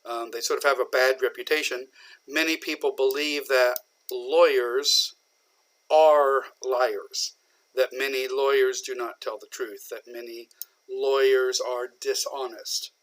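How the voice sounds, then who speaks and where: A man from southern Indiana, patiently explaining an English idiom in a recorded lecture, with many pauses and fillers. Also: mid-range voice, steady tone, a bit bright. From southern Indiana, USA. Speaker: English teacher.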